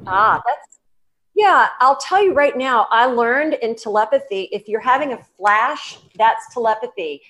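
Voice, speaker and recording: A woman with a Southern accent, a psychic medium talking as a guest in an interview, animated and laughing, with many fillers and restarts. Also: fairly high pitch, measured pace. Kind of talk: casual interview talk.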